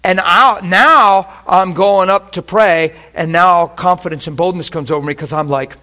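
A man preaching a sermon, telling a personal story with animated swings between hushed quoted prayer and loud, laughing bursts. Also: high voice, moderate pace. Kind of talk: sermon testimony.

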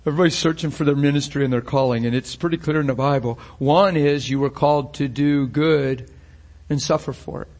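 A man's voice: on the high side, steady tone, fairly quick, darkish tone. A man preaching a sermon with passion, firing rhetorical questions and acting out the scenes he describes.

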